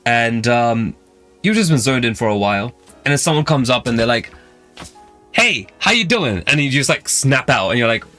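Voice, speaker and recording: London man, casual talk host, meandering anecdotes, soft music underneath. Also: medium pitch, a little fast. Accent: London English. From England. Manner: rambling, filler-heavy storytelling. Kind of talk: casual chat with live viewers.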